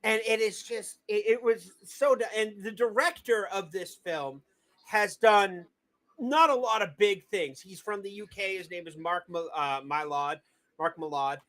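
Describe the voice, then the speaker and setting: A man hosting a casual livestream movie review, rambling, excitable and quick to swear. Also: high voice. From Massachusetts. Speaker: movie review show host.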